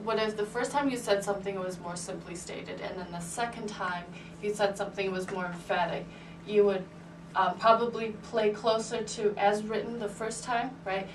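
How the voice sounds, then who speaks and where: A piano teacher's steady, mid-range voice moves at a normal pace during a private lesson in a piano room. She encourages her student patiently, frequently asking "right?" or saying "okay," heard on a distant, roomy recording with piano and background noise.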